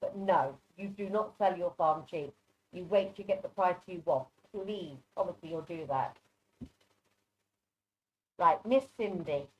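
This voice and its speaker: A woman's voice: fairly low pitch, unhurried, long pauses. Chatty psychic reader, woman, affectionate, dull online call audio. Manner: affectionate, chatty, calls people darling. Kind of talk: live online readings.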